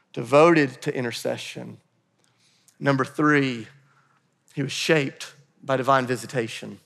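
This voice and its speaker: A man's voice: medium pitch, creaky. A man preaching a sermon as pastor, earnest and direct, speaking straight to his congregation. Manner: earnest, direct, addresses the room as "guys". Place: church sanctuary. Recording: long reverb of a church hall.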